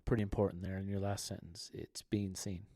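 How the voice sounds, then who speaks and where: A man's voice: low voice, level tone, brisk, dark tone, no room sound, clean studio sound. A man co-hosting a podcast, telling a story in an earnest, conversational way. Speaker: podcast co-host. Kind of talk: casual chat.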